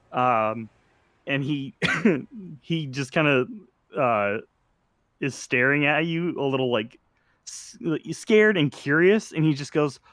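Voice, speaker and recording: A man's voice: a little high, a bit bright, no echo. A man narrating as game master in a tabletop game, casual and full of fillers.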